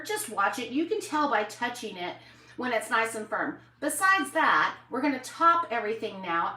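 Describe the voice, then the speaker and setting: A chatty woman with a bright, sharp voice hosts a live cooking demo from her kitchen. She is pitched a little high and talks folksily to her viewers. The sound is roomy and she stands off from the camera mic. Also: recorded from a distance. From United States. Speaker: cooking show host. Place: home kitchen.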